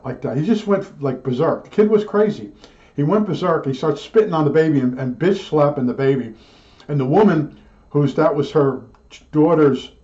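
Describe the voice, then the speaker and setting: An older man spins a work story in a fairly high voice, doubling back and restarting as he goes. The recording sounds dull and slightly lo-fi. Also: mellow. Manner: chatty, digressive, many restarts and asides. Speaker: storyteller recalling old work days. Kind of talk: rambling personal anecdote.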